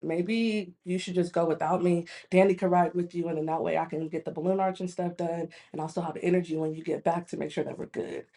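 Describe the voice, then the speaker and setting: Animated woman telling a story. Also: on the low side, a little fast, few pauses. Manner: animated retelling, acting out quoted voices. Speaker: guest in a conversation. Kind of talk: casual storytelling.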